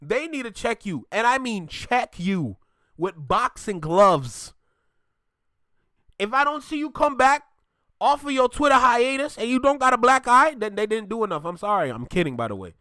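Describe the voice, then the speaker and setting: A man with a bright, forceful voice hosts a reaction video in casual commentary. He swings between joking and mock outrage, and drags words out slowly for emphasis. The sound is dry, with almost no room reverb. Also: very high voice, animated.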